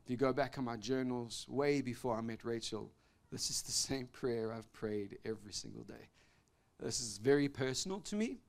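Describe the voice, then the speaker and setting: A man preaching a sermon as pastor, animated, swinging between loud exclamations and soft confiding tones, often laughing between phrases. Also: medium pitch, moderate pace, gravelly.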